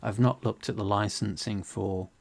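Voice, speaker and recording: A man's voice: on the low side, steady tone, moderate pace, vocal fry. A man casually explaining a 3D program on screen, with many ums and restarts. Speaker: 3D tutorial host. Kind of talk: casual screen-share chat.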